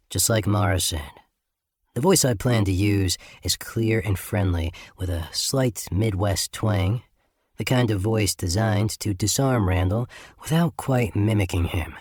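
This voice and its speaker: A man narrates a first-person audiobook in an even, slightly sardonic way. His voice is low and husky. The recording is dry and close. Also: measured pace, no room sound.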